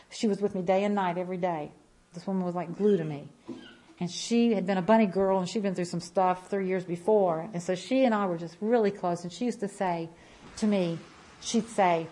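At a medium pitch, mellow and fairly quick, a woman in her fifties passionately testifies in church. She relates her story with emphasis, circling back to repeated phrases.

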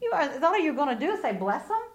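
Woman, middle-aged, preacher, fervent sermon, fairly high voice, loud emphatic bursts. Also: sing-song, rapid-fire.

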